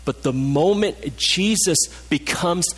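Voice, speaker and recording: Casting: male pastor, fairly high voice, passionate preaching that sinks to a hush on key points, church hall reverb. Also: slow, slightly rough. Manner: passionate, drops low and soft for emphasis. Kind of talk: sermon.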